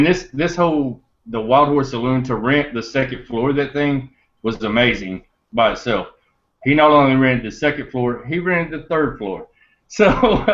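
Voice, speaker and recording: A man's voice: mid-range voice, a bit bright. Man, podcast host, casual storytelling, rambling, chatty, laughs often, muffled lo-fi sound. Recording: dull lo-fi recording.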